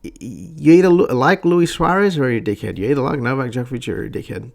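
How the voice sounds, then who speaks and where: Aussie bloke with a gravelly voice, swearing a lot, rambling rant on a podcast. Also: male voice, mid-range voice, fast talker. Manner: blunt, profane, rambling. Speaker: podcast host. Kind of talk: profane opinion rant.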